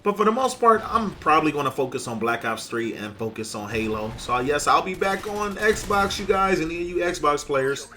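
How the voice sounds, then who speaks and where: A man's voice: on the high side, animated, normal speed, few pauses, pushed and bright, a little hiss or hum. A man hosting a gaming channel, chatting upbeat and direct to viewers while he plays. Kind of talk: gameplay commentary with advice.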